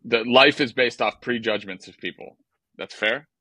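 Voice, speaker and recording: A man co-hosting a podcast, telling a baseball story in an animated, exasperated way and swearing freely. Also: medium pitch, moderate pace, husky, no room sound, low-quality recording. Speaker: podcast co-host, former baseball player.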